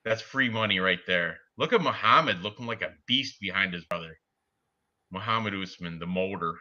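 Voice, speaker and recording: Low-voiced guy with a real bright edge, excitable fight-pick banter, muffled lo-fi audio. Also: normal speed. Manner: excitable, laughs at own jokes. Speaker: podcast co-host. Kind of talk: casual sports betting chat.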